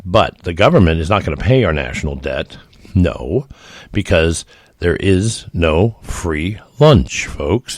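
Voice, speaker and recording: Deep-voiced folksy man ranting solo. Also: very animated, slow pace, dry recording. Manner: folksy, emphatic, addresses listeners as folks. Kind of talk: opinionated solo monologue.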